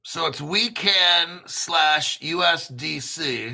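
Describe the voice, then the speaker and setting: A man hosting a crypto show in a casual livestream rant, profane and brash, often clearing his throat. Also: fairly high pitch, slow, bright, forceful tone.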